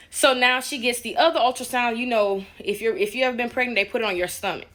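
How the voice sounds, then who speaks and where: A woman's voice: on the high side, brisk. Woman telling a storytime. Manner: chatty, recounts with quoted dialogue, drops to quiet. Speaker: storyteller in played storytime clip. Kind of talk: casual storytime narration.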